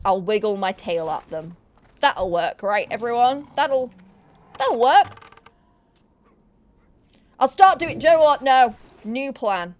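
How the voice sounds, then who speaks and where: A young woman chats away on her live gaming stream. She sounds bubbly and talkative, and she is quick to poke fun at herself. Her voice sits at an ordinary middle pitch. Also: a little mellow. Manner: bubbly, chatty and self-mocking. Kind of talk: casual live-stream chat while gaming.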